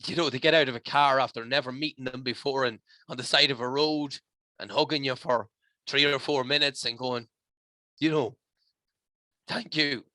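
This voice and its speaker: A man's voice: mid-range voice, bright, forceful tone, no echo. An emotional, passionate Irish man talking as a podcast guest in rambling, heartfelt casual chat. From Ireland.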